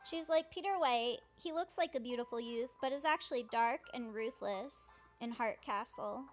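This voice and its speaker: A woman's voice: on the high side, moderate pace, faint music behind. A woman casually narrating a game playthrough, paraphrasing characters' lines in a chatty way. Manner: chatty, paraphrases dialogue with "she's like". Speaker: fan dubber playing through a game.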